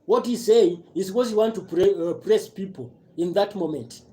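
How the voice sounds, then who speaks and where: A man's voice: high voice, moderate pace, warm tone. A man with a Kenyan accent giving impassioned, repetitive political commentary on a live stream, mixing broken English with Swahili.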